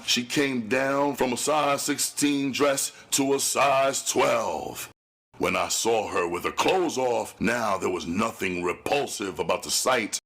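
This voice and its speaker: A man reading a gritty first-person novel aloud as an audiobook narrator, with a slow, menacing delivery. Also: mid-range voice, creaky, fairly bright tone, slightly rough.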